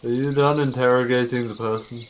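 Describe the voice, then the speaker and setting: A man's voice: mid-range voice, fairly even intonation, fairly quick, slight background noise, low-quality recording. Quizzical, joking male player. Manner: quizzical, joking, laid-back. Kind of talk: casual tabletop chat.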